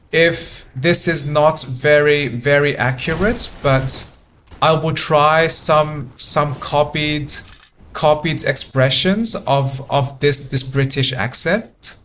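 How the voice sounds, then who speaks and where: A man giving relaxed gameplay commentary, thinking aloud in a halting way and repeating words often. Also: fairly high pitch, slight background noise. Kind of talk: relaxed let's-play commentary.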